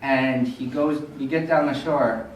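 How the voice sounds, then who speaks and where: A young man sharing an unhurried remembrance at a memorial. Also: medium pitch. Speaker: eulogy speaker. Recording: echoey hall, distant voice, faint noise.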